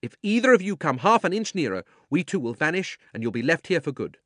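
A bold young boy shouts warnings in a defiant voice, with a man putting him on. The pitch sits high above the reader's own and the voice is loud. The sound is dry and close. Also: expressive, moderate pace, no echo, natural voice.

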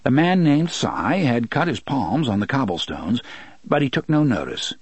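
A man narrating a novel as an audiobook, expressive and switching voices for characters. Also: mid-range voice, moderate pace, husky, dry recording. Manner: expressive storytelling, many voices. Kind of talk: scripted narration.

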